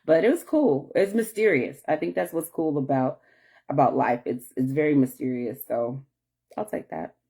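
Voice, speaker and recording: A woman's voice: low voice, normal speed, dark tone, husky. A woman talking through an emotional personal story in a rambling vlog, with many restarts and apologies and moments of tearfulness. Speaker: vlogger.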